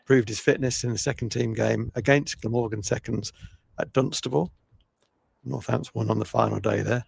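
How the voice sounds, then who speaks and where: A man's voice: mid-range voice, vocal fry, husky, no echo. A man commentating live on cricket, chatty and rambling, with a self-deprecating way of talking.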